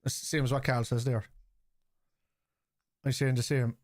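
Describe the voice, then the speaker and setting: A man's voice: medium pitch, normal speed, no room sound, clean studio sound. A middle-aged man with a chatty manner, streaming a football watchalong, reacting to play and reading out chat messages. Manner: chatty, reads out chat messages, excitable at match moments. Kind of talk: casual live-stream chat and match reactions.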